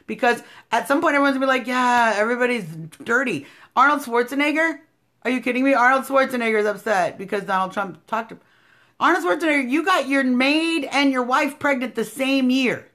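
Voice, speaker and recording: A fiery American woman hosts a live stream from her phone, in her thirties, her voice sitting on the higher side. She talks in opinionated bursts, sarcastic and combative, rising to loud outbursts and then dropping to low, muttered asides. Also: fairly quick. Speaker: political live-stream host.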